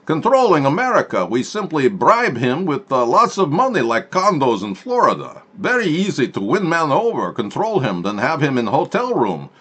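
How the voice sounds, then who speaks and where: A man's voice: fairly high pitch, wildly swooping pitch, moderate pace, few pauses, a bit bright, pitched above the performer's own voice, exaggerated voice. A man voicing a mocking Russian official in broken English, gloating over his schemes. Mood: scheming. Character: mocking male Russian official with heavy put-on accent.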